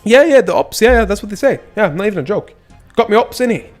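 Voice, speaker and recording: A swaggering young British street guy, cocky and boastful, his voice pushed well above its usual pitch, as a man puts him on. He leans on slang and tacks a tag question onto nearly every line, with faint music playing underneath. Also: animated, quick pace.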